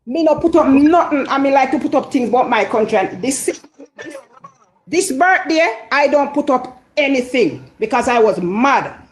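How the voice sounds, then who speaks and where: A Jamaican woman calls in to a live talk show, her voice pitched high and full of passion. She leans hard on each point and circles back to say it again. A faint hiss sits under the line. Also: lively intonation, normal speed, low-quality recording. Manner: passionate, emphatic, repetitive. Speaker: caller. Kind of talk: call-in chat.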